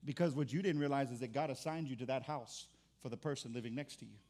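A man's voice: medium pitch, fast, darkish tone. A pastor preaching a sermon in an impassioned, conversational way, often restarting his words.

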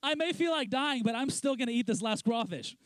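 A young man, a pastor, preaching a conversational sermon with many restarts, dropping into a lower, quieter voice for quoted lines. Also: expressive, brisk, clear, resonant tone, no echo. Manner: conversational, lots of restarts and "let's be honest" asides.

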